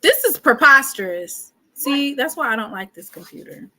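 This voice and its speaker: A woman hosting a casual live podcast, animated and joking with her viewers. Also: high voice, normal speed. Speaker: podcast host. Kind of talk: casual livestream chat.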